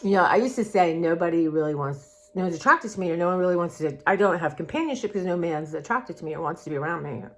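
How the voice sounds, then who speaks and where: A woman's voice: lowish voice, lively intonation, quick pace, hardly any pauses. A woman talking candidly in a personal vlog, rambling and heartfelt in a confiding way. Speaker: vlogger.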